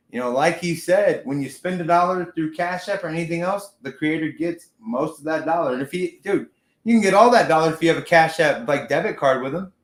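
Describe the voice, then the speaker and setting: A man's voice: a little high, echoey room. A man plugging his merch and joking crudely during a casual live-stream chat. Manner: loose and crude, joking, trails off. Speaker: guest.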